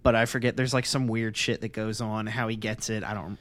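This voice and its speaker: A man's voice: fairly low pitch, level tone, fairly quick, fairly bright tone. A man co-hosting a podcast in casual chat, laid-back and agreeable, swearing casually. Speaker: podcast co-host.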